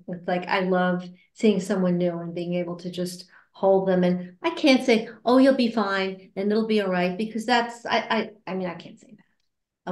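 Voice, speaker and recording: A woman speaks as an interview guest in a middle-pitched voice, earnest and thoughtful, with frequent hesitations and restarts. When she quotes others she lifts her pitch to act them out. The recording carries a noticeable roomy echo. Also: darkish tone. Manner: acts out quoted remarks with raised pitch. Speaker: interview guest, executive director of a cancer support center. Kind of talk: casual interview conversation.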